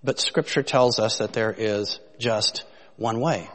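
A man's voice: on the low side, takes it slowly, fairly bright tone. A man preaching a sermon as pastor, in a conversational style that rises in emphasis when he asks questions. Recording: long reverb of a hall.

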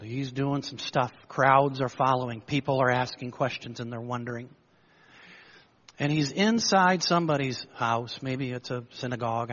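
A man preaching a sermon, retelling a story with animated asides and acted-out lines. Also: medium pitch, lo-fi sound. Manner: storytelling, lively, acts out the crowd's lines.

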